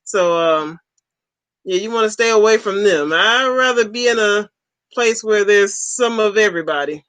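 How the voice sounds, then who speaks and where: A livestream host in their forties, chatting in a relaxed, easygoing way. They chuckle often and toss out short, repeated replies. The sound is close and dry, with no room echo. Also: medium pitch, moderate pace. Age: 40s. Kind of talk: casual livestream chat.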